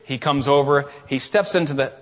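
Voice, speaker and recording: A middle-aged man preaching a sermon, telling a story with quiet asides and loud, rising questions. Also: mid-range voice, normal speed. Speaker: pastor. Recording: long hall reverb.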